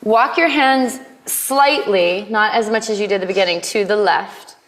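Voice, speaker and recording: A woman teaching a live yoga class, cueing poses in a playful way with quick asides. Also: medium pitch, a bit bright. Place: yoga studio. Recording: long hall reverb in studio.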